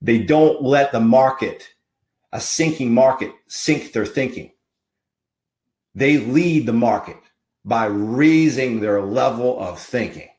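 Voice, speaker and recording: A man's voice: medium pitch, takes it slowly, a little mellow, reverberant. A man hosting a podcast as a marketing coach, giving a fiery, preachy motivational talk full of punchy repeated slogans.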